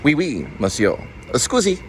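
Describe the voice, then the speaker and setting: A man's voice: mid-range voice, very animated, normal speed, slight background noise, voice pushed up, close to an everyday voice. A man putting on an exaggerated French man who offers to sell a flower, in a campy, singsong mock voice. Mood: playful.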